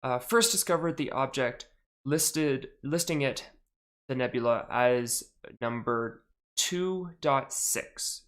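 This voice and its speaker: On a charity live stream, a young podcast host chats casually about astronomy in a mid-range, slightly bright voice. He rambles and keeps correcting himself.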